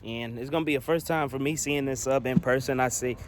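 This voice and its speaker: Filming himself with a handheld phone beside a car, a young man offers a loose, cursing, slang-heavy unboxing for his car audio channel. His medium-pitched voice moves fairly quickly, with a bit of background noise.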